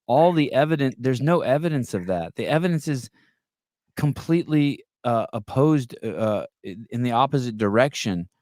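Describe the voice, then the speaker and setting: A man hosting a podcast, chatting casually and telling stories with quick back-and-forth retorts. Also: mid-range voice, no room sound, studio quality. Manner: animated storyteller, quick retorts. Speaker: podcast host. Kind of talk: casual chat.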